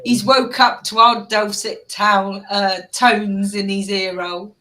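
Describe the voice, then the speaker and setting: Bright-voiced laughing woman. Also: medium pitch, fairly even intonation, slow. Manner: laughs often, teasing. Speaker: livestream host. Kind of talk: casual group chat on a livestream.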